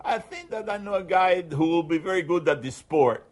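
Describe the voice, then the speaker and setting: A man's voice: high-pitched, lively intonation, normal speed, background noise. A man who is a regular on a sports talk show, speaking bluntly and playfully. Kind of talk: casual sports talk radio.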